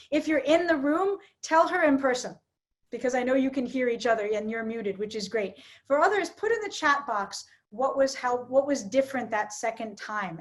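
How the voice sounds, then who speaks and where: A woman teaching public speaking in an online workshop, coaching participants with encouragement. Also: fairly high pitch.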